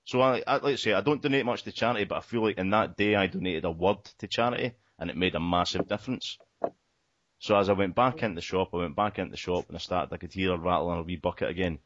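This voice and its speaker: Low-voiced man telling a rambling story. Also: quick pace, a bit bright, no echo, dull audio. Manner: rambling, repeats words, swears often. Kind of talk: casual storytelling chat.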